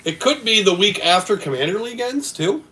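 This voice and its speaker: Man, store owner, host, casual chat, laid-back, rambling, slightly high voice. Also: expressive, brisk, bright, forceful tone, a little hiss or hum, low-quality recording. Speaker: store owner hosting a game league stream.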